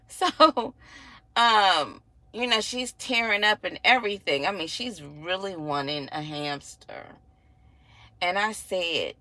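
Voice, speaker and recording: A woman in her thirties chatting casually to her viewers, animated and laughing often as she acts out what people said. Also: mid-range voice, a little slow, no echo. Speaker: vlogger. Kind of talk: casual storytelling chat.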